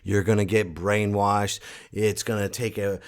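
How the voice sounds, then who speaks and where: A man in his thirties hosting a casual solo podcast, excitable and joking, restarting his sentences and jumping to loud high shouts when he mimics others. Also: unhurried, smooth. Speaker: podcast host.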